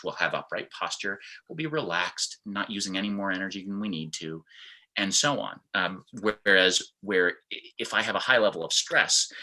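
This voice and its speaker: A man's voice: deep voice, bright, forceful tone, low-quality recording. A man teaching a fitness class over video, explaining step by step and acting out different tones of voice as examples. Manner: demonstrative, acts out tones of voice. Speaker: fitness instructor.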